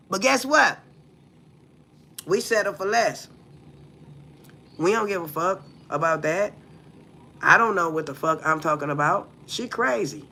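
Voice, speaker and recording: A woman's voice: mid-range voice, expressive, a little slow, vocal fry, pauses often, bright, forceful tone. A woman from the United States hosting a livestream, talking bluntly and profanely and throwing rhetorical questions at her viewers. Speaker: livestream host. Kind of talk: casual livestream talk.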